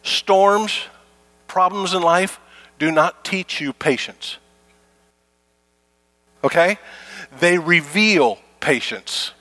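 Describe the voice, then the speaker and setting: A middle-aged pastor preaches in a loose, conversational way, circling back to the same phrases and voicing everyday gripes. His voice sits a little high for a man, and the recording is close and dry. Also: extremely slow, pauses often, sharp tone, no room sound. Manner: conversational preaching, repeats phrases, acts out complaints. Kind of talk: sermon.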